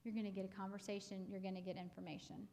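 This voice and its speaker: A woman's voice: mid-range voice, flat delivery, racing, warm tone. A woman, counseling parents in a casual live talk, chatty with many fillers and restarts. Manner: acts out parents and kids in quoted lines.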